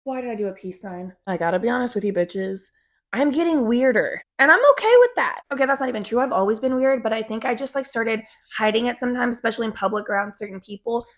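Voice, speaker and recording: Speaking fast in a slightly high voice, a young female vlogger chats casually to the camera. Swearing comes often, and "like" peppers nearly every sentence.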